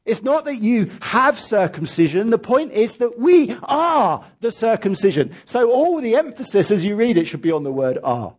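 A man's voice: sits high, big pitch swings, moderate pace, hardly any pauses, a little mellow, breathy edge. A man preaching a sermon as pastor, emphatic and leading his congregation in reading aloud.

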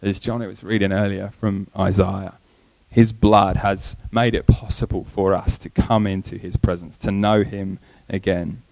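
A man preaching a sermon, in a conversational way, often repeating words and pausing. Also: sits low, flat delivery, creaky, darkish tone, dry recording, poor audio.

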